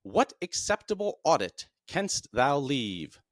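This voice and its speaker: A man hosting his own show, explaining texts in a plain, deliberate way. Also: no room sound, clean studio sound. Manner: plain, deliberate explaining with lively pitch swings. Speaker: podcast host. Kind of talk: explanatory monologue.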